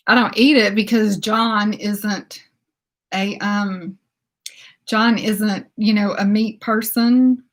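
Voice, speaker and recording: A woman in her fifties, from the southern United States, hosting a casual livestream chat, giggling often and reacting to viewers' comments. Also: mid-range voice. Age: 50s. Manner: giggly, exclaims "oh my goodness" often. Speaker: beauty channel host.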